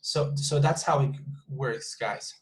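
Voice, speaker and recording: A man's voice: medium pitch, takes it slowly, poor audio. A man teaching an English class over a video call, explaining at length, often repeating words and checking in with "you see".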